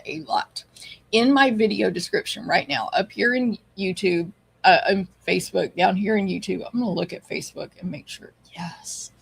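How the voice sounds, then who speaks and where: This middle-aged papercraft teacher from Texas chats on a casual live stream, calling out each viewer by name in her Texan accent. Her voice sits at medium pitch and sounds creaky and husky.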